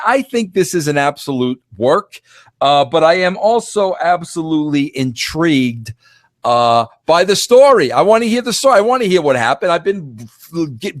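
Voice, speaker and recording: Podcast host, male, fifties. Animated, emphatic delivery with frequent stammering restarts. Dry sound. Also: fairly high pitch, no echo. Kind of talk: casual monologue.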